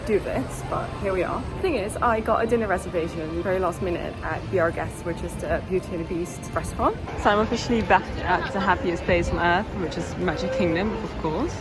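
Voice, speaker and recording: A woman's voice: on the low side, brisk, hardly any pauses. A woman in her twenties chatting through a casual travel vlog, saying "like" a lot, filmed on a handheld phone. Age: 20s. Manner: chatty, peppers speech with "like". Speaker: travel vlogger. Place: theme park, hotel room and car. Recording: loud theme-park crowd and music.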